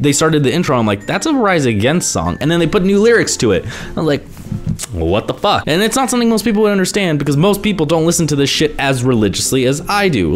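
A young man vlogging, ranting in a casual, profane way with exasperated asides. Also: a little high. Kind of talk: ranting vlog monologue.

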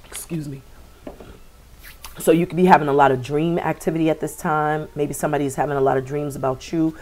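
A woman's voice: low voice, fairly even intonation, quick pace, a little mellow, a little hiss or hum. A woman doing a spiritual tarot reading for her viewers, talking in a meandering way with many fillers and repeated words. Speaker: tarot reader.

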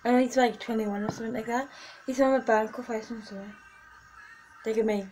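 Teen girl vlogging, giggly and gushy, highish voice, bit of music in the back. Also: steady tone, quick pace, a little mellow, rough recording. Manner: chatty, giggly, gushing. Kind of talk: casual vlog chat.

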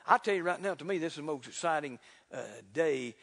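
A man preaching a sermon in a folksy, fervent way, building to loud exclamations. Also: a little high, a little fast. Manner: folksy, repeats "look here". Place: church sanctuary. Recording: reverberant church hall.

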